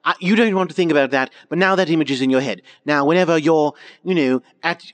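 A man's voice: on the high side, fast talker. A man in improvised comedy chat, talking in a hesitant, stammering, aggrieved way.

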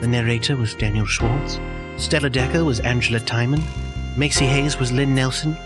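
Brief: a pompous, long-winded male radio host, medium pitch, with music behind. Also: steady tone, normal speed. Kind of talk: comedy radio show.

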